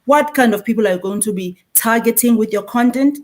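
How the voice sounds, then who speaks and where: This South African marketing speaker, a woman in her forties with a Zulu-inflected accent, gives an animated conference panel talk sprinkled with Zulu phrases. Her pitch is fairly high and she speaks fairly quickly.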